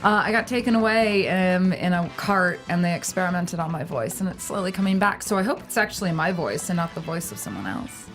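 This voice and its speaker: A woman with a slightly raspy, hoarse voice chats casually on a podcast. She keeps a relaxed, joking tone while faint music plays behind her. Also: on the low side, brisk, few pauses. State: hoarse, recovering from voice loss. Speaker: panelist.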